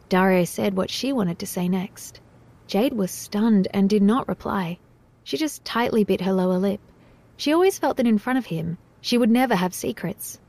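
A woman narrating an audiobook in an even, measured reading. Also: mid-range voice, gravelly.

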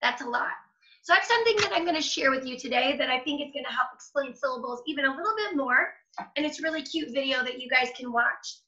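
High-voiced lady teacher doing a kids lesson online, echoey room. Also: animated, lo-fi sound. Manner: gentle and encouraging, sounding out words slowly. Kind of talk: online phonics lesson for children.

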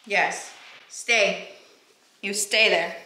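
A woman's voice: mid-range voice, steady tone, extremely slow, sharp tone, roomy sound. A woman vlogging at home in a casual chatty way, cooing at her puppy and giving it training commands. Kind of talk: casual vlog chat. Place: home kitchen.

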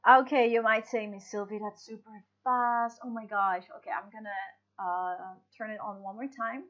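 A woman's voice: medium pitch, fairly even intonation, normal speed, fairly bright tone, lo-fi sound. A woman teaching English in a recorded online lesson, explaining patiently with fillers and restarts.

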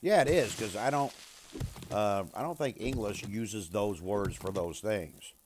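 An American man chatting casually while playing a survival game, talking to his dog and teammates and breaking into loud yelling. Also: fairly low pitch, takes it slowly, background noise. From USA. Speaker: gamer streaming a survival game. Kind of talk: casual gameplay chat.

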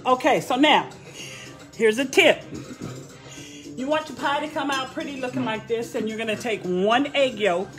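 A woman's voice: fairly high pitch, moderate pace, long pauses, echoey room, over music. A woman hosting a casual live cooking demonstration. She is chatty and exclamatory, and she keeps coaxing her viewers along. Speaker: home cook hosting a cooking stream.

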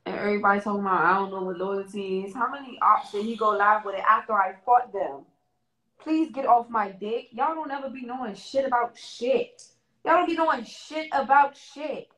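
A woman's voice: on the high side, normal speed, fairly bright tone. Exasperated young woman in an echoey room. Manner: exasperated, profane. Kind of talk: venting on a live stream.

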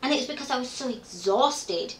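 A middle-aged woman speaks as an interview guest in a candid, conversational exchange, her voice high, expressive, and brisk. She tells her story openly and reflectively, often quoting her own past thoughts. The room sounds echoey.

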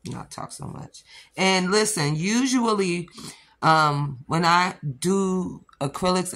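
A woman vlogging about nails, excitable and rambling, with sudden shouts before calming herself down. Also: fairly low pitch. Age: adult with a child. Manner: excitable, rambling, bursts into shouts then calms down. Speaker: nail vlogger. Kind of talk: excited casual vlog.

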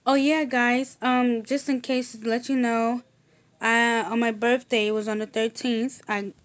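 A young woman vlogger talking casually to camera, soft and rambling with many fillers and restarts, saying y'all a lot. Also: fairly high pitch, level tone, a little slow.

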